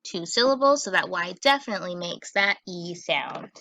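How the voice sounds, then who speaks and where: A woman teacher giving a recorded phonics lesson for children, sounding out words slowly and patiently. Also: lowish voice, animated, pushed and bright, dry recording.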